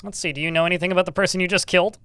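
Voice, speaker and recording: A man's voice: high voice, fairly even intonation, rapid-fire, sharp tone, clear, resonant tone, dry recording. A man streaming a video game live, commenting on the action with dry, sarcastic asides and reading the game's text aloud.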